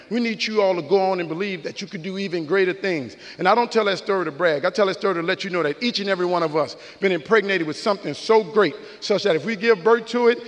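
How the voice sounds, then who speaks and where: High-voiced preacherly man in a big hall. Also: fairly bright tone. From New Orleans, USA. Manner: preacherly, rhythmic, repeating phrases. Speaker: commencement speaker. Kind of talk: motivational speech. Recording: long reverb of a large hall.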